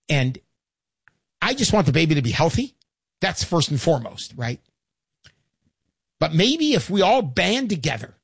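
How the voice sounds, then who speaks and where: An older man hosts a call-in radio show in a high, lively voice that swoops up and down. He talks in a chatty, emphatic way and repeats his points, and the sound is dry and close. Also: gravelly, breathy edge, no echo. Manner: animated, chatty, emphatic repetition.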